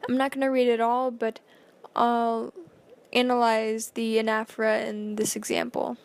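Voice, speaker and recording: A woman with a slightly high voice reads a school presentation aloud. She goes carefully, stumbling now and then and filling gaps with small fillers. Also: flat delivery, moderate pace, clean tone.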